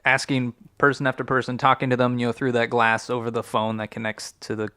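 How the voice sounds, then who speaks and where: A man's voice: mid-range voice, completely flat delivery, quick pace, bright, forceful tone, clear, resonant tone, no echo. A young man co-hosting an improvised comedy podcast, with a mid-range voice recorded close and very dry. He keeps his turns of the story wry and understated. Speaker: podcast co-host.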